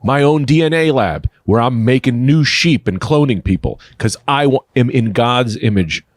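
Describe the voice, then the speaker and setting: A man riffing through an improvised comedy podcast, rambling and deadpan-absurd, speaking into a studio microphone. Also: medium pitch, moderate pace, no room sound. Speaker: podcast co-host.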